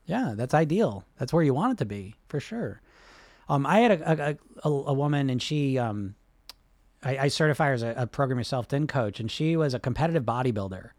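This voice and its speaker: A man coaching on weight loss and hypnosis in a casual, animated talk, often swearing and asking "right?". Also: mid-range voice, a little fast, no room sound. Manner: animated, swears freely, many fillers like "right?".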